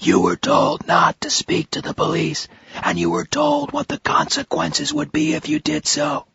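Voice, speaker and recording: A narrator voicing a menacing male kidnapper with a distorted, whispery mechanical voice, talking slowly and coldly over a speakerphone. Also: very high voice, very animated, gravelly, a bit bright, no echo, dull audio, voice pushed up, full character voice. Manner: slow, cold, threatening.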